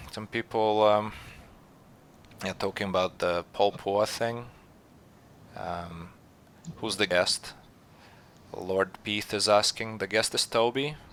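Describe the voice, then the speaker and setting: A man hosting a casual poker chat, animated and teasing, laughing often. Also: fairly low pitch, takes it slowly. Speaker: podcast host.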